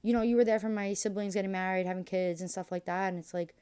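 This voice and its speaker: A woman's voice: mid-range voice, fairly even intonation, fast talker, warm tone, smooth. A young woman as a podcast guest, speaking candidly and emotionally, rambling with lots of fillers. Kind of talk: candid interview conversation.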